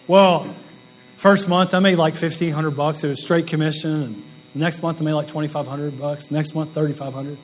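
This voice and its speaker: Folksy high-voiced man telling stories. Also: steady tone, moderate pace, a little hiss or hum, rough recording. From Southern United States. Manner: rambling, folksy and self-deprecating, with asides and laughs. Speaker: guest business speaker. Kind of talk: storytelling talk to an audience.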